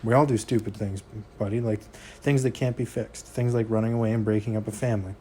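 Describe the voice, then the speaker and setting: Man voicing a controlling, guilt-tripping father; low, mellow voice, quiet menace. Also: fairly even intonation, fast talker, slight background noise, close to an everyday voice. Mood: menacing. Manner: clingy, turning cold and menacing. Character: manipulative estranged father, adult man.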